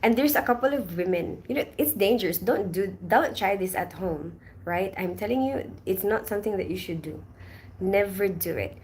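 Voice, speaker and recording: A woman hosts a casual live stream, telling a story in a chatty, animated way. Her pitch sits in an ordinary middle range. A faint hum of background noise runs under her voice. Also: moderate pace. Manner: chatty, animated storytelling, reads viewer comments aloud.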